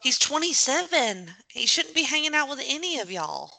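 A woman co-hosts a casual movie watch-along podcast. Her voice is bright and forceful. She reacts quickly and playfully, and the sound is dry and close. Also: sits high, very animated, vocal fry, no echo. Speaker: podcast co-host.

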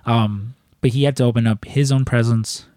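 A man's voice: mid-range voice, steady tone, moderate pace, a little mellow, no room sound. A young man co-hosting a podcast, telling a long story in casual chat and swearing freely as he rambles. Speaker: podcast co-host.

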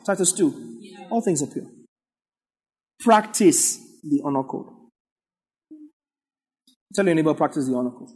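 A man's voice: on the high side, lively intonation, unhurried, pauses often, a little mellow, slightly rough. A man, preaching a sermon as pastor, repeating his points and checking in with the congregation. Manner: emphatic, repetitive exhortation with frequent "yeah?" to the congregation.

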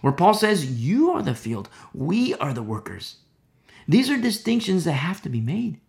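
Gravelly-voiced man preaching a sermon. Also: high-pitched, wildly swooping pitch, moderate pace, darkish tone. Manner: conversational, filler-heavy preaching with acted quotes, dropping to whispers. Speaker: pastor.

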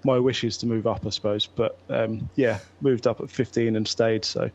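A man's voice: lowish voice, level tone, normal speed, darkish tone, dull audio. A man in his thirties with a North London accent, chatting easily as a podcast guest and telling stories. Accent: North London English. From England. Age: 30s. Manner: easygoing, chatty storyteller. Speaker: guest listener. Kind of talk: casual podcast chat.

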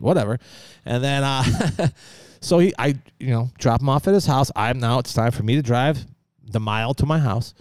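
A man co-hosting a podcast, telling a rambling, profane story with laughs, loud outbursts and mumbled asides. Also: medium pitch, normal speed, clean tone, no echo, studio quality. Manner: animated, swearing, laughing storyteller. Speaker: podcast co-host. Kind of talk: casual storytelling chat.

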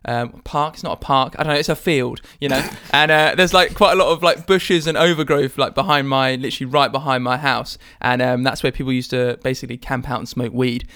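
A man in his twenties co-hosting a casual podcast chat, talking haltingly with many fillers. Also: medium pitch, steady tone, bright, forceful tone, smooth, no room sound. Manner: hesitant, many fillers and restarts. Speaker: podcast co-host, band member.

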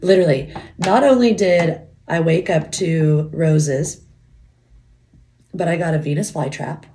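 A woman's voice: fairly low pitch, warm tone, a little hiss or hum. A woman in her thirties hosting a podcast from home, chatting casually in a rambling, giggly way into a microphone while wearing headphones. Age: 30s. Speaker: podcast host. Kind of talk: casual chat.

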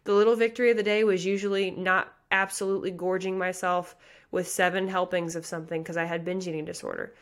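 A woman's voice: lowish voice, little pitch movement. A woman in her thirties from the American Midwest, a pageant coach talking passionately and chattily on her podcast. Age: 30s. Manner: passionate, fast, chatty with many likes and you guys. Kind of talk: motivational podcast talk.

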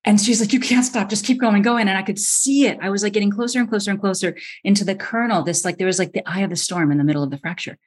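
A middle-aged woman physician, a podcast guest, telling a story with lively energy and acting out the voices she quotes, often restarting her sentences. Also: mid-range voice, rapid-fire, hardly any pauses. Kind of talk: animated storytelling in a podcast interview.

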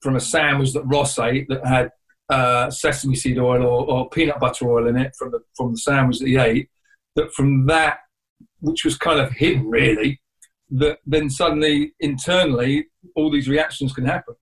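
A man's voice: mid-range voice, steady tone, poor audio. A man who is a guest telling a painful story in a conversational way, often restarting his sentences. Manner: rambling, halting retelling with many restarts.

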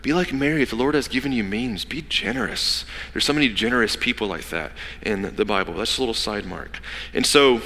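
Animated male pastor in a reverberant hall. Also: medium pitch, creaky. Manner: animated storytelling, acting out characters in quick asides. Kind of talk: sermon.

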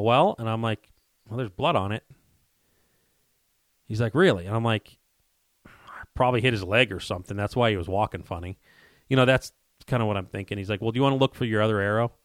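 A man's voice: lowish voice, a little fast, long pauses, fairly bright tone, dry recording, clean studio sound. A man telling a story in casual conversation, acting out quoted dialogue with frequent restarts and repeated words. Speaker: guest telling a hunting story.

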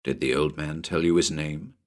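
A man's voice: extremely low pitch, steady tone, moderate pace, pitched below the performer's own voice. A man doing a shaken office boss. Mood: anxious. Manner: worried, shaken. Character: anxious middle-aged male office boss.

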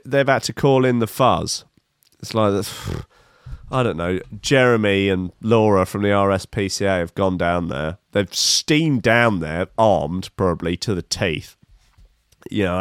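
A man's voice: on the low side, fairly bright tone, no room sound, studio quality. A man giving comic, profane reaction commentary on a video clip, sarcastic and rambling.

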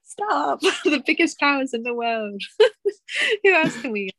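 A woman's voice: sits high, big pitch swings, takes it slowly, pushed and bright, dry recording. A woman co-hosting a podcast, chatting casually about a film, teasing and laughing often. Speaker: podcast co-host. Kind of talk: casual film review chat.

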